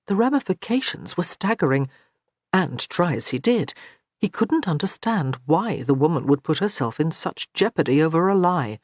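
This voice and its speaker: Lively, dry-sounding audiobook narrator. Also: medium pitch, no room sound. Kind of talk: scripted narration.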